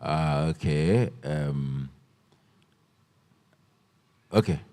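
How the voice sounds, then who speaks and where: A man moderating a festival Q&A, asking questions hesitantly with many pauses and restarts. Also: a bass voice, dark tone. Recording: long reverb in a large hall.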